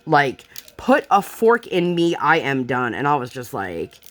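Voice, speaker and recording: A woman's voice: very deep voice, very animated, measured pace. A young woman, a mother from Pennsylvania, chatting casually about her day, retelling it with frustration and lots of fillers. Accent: Pennsylvania American. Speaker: vlogger and mother. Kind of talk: casual storytelling chat while crafting. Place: home craft table.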